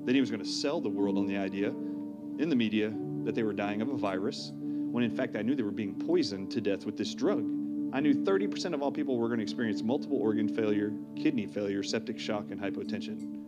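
A man's voice: fairly low pitch, quick pace. A man giving an interview in an earnest, urgent, insistent way. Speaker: interview guest. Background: music.

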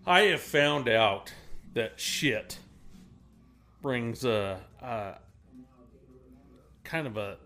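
A man's voice: mid-range voice, very slow, pauses often. A man with a Permian Basin drawl hosting a podcast, telling crude stories with lots of laughter. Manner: crude, laughing, animated storyteller. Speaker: podcast host. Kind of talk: casual podcast chat.

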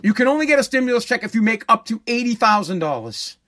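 High-voiced man on a profane rant. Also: sing-song, fast, bright, forceful tone. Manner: sarcastic, profane, indignant. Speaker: ranter.

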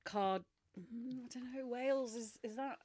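A woman, a quiz guest, who laughs often and thinks out loud with restarts. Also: fairly high pitch, a little slow, no echo. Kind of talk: casual podcast banter.

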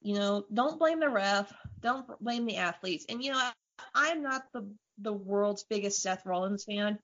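A woman co-hosting a podcast, casually chatting and telling animated stories with frequent swearing. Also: medium pitch, moderate pace. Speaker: podcast co-host. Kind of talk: casual chat. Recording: dull lo-fi audio.

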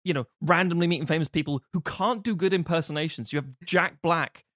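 Podcast co-host, male, lively film-chat delivery, slightly high voice, dry close mic. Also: brisk, no echo. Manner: animated, recounts scenes acting out quotes and laughing.

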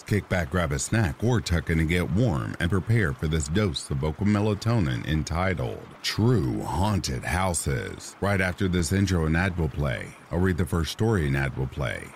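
A man calmly narrating true ghost stories as a soothing bedtime read. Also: rumbling low, slight background noise. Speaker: horror story narrator. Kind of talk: calm sleep-story narration. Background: rain sounds.

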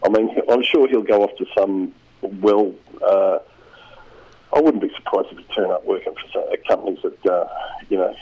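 A man's voice: low-pitched, warm tone, slightly rough. Rambling man on a muffled phone line. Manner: rambling, halting, many restarts. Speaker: regular radio commentator. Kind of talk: casual radio chat.

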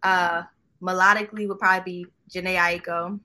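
A young woman answers questions as a guest in a relaxed, candid chat and laughs a lot. Her voice is very bright and sharp. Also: on the low side, a little fast. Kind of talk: casual interview chat.

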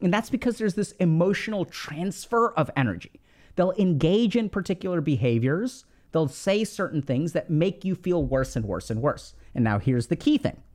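A man hosts a relationship-advice podcast in a slightly high, darkish, animated voice at normal speed. He explains things conversationally, leaning on "like" and often checking in with "right?"

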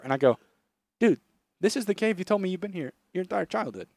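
A man co-hosting a comedy podcast, telling a profane, animated story in casual chat. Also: high-pitched, fast, creaky, dry recording. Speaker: podcast co-host. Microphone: studio microphone.

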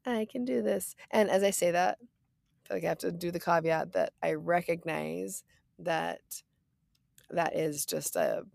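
A woman's voice: lowish voice, little pitch movement, measured pace, vocal fry, a little mellow, dry recording, studio quality. A woman in her thirties, a mother and podcast co-host, chatting playfully with lots of fillers. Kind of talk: casual chat.

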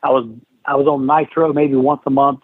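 A man's voice: mid-range voice, fairly quick, slight background noise. A middle-aged man, a former wrestler, casually telling anecdotes as a podcast guest and acting out what others said. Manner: animated anecdote-telling, acts out others' lines. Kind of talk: casual storytelling interview. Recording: tinny phone-like line, dry.

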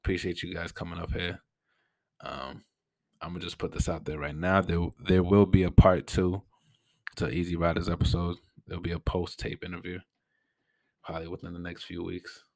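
A man's voice: low voice, flat delivery, moderate pace, darkish tone, no room sound. A young man hosting his own podcast, talking in a laid-back, slangy, rambling way, with a stutter. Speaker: podcast host. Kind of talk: casual solo podcast talk.

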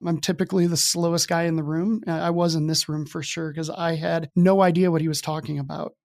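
A man's voice: on the high side, little pitch movement, a little fast, vocal fry, a little mellow. A young adult man telling his own story as a podcast guest, candid and casual, with wry self-deprecating humor.

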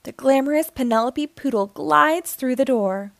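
Woman, children's storyteller, high voice, lively sing-song, dry close sound. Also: moderate pace, gravelly, no echo. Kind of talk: children's read-aloud.

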